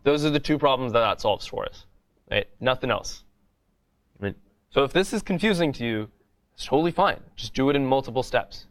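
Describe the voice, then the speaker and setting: A man's voice: mid-range voice, lively intonation, fairly quick. A man teaching a coding bootcamp lecture in a classroom, explaining step by step in a casual way and often asking "right?".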